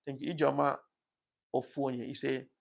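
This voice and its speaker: A man's voice: medium pitch, flat delivery, moderate pace, gravelly. A man hosting a live stream, chatting casually and reading out viewer comments, often apologizing and thanking his viewers, an emotional speaker. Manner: emotional, says things get to him easily. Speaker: livestream host.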